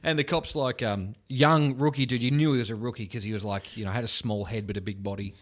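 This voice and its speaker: A young Australian man with an Australian accent, hosting a podcast and telling animated stories in casual chat. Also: medium pitch. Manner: fast, swearing, animated storyteller. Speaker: podcast host.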